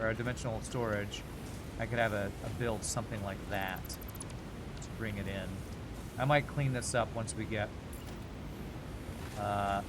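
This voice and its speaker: A young adult man streaming a game, chatting casually and thinking out loud as he plays. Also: mid-range voice, background noise. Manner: chatty, thinks aloud, quick laughs. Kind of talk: casual gameplay commentary.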